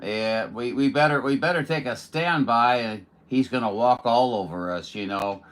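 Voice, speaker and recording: A man's voice: medium pitch, normal speed. A man from Missouri, a radio operator chatting in a casual, folksy, joking way with other stations. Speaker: radio operator streaming contacts. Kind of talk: casual ham radio chat.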